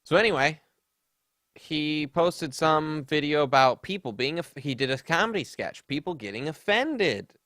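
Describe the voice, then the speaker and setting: Slightly high and a bit bright, this podcast host's voice is animated at a moderate pace, captured as a dry, studio-quality recording. He mocks online drama in a casual, sarcastic chat, slipping into sassy put-on voices whenever he quotes someone.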